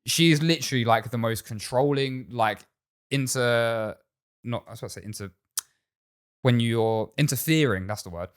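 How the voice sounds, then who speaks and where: A young man co-hosting a podcast in casual chat, animated and blunt, swearing often and filling his speech with "like". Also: medium pitch, normal speed, clean tone. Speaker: podcast co-host.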